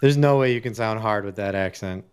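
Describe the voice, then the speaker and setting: Smooth, low-voiced man, laid-back podcast chat. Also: a little fast, darkish tone. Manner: laid-back, swears freely, laughs often. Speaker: podcast co-host. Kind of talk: casual chat.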